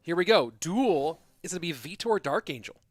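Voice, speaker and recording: A man commentating a live esports match in a fairly high voice. He swings from excitable play-by-play to loose, rambling asides, with faint music playing behind him. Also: normal speed, no echo. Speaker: esports caster.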